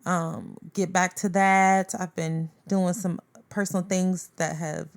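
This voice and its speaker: A woman's voice: fairly low pitch, flat delivery, slow pace. A woman from Chicago, a podcast guest, giving frank advice in casual chat.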